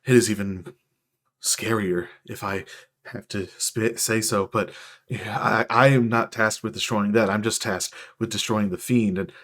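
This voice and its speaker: A man's voice: lowish voice, fairly even intonation, a little slow, fairly bright tone. A man voicing a timid, nervous male celestial with wings, who stammers and trips over his words. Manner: stammering, jittery and skittish.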